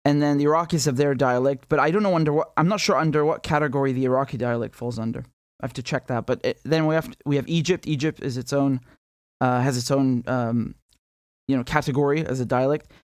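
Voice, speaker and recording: A man's voice: mid-range voice, darkish tone, no echo, studio quality. A man in a casual, rambling explainer who walks through a map with many fillers and self-corrections and chuckles now and then. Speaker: political commentator.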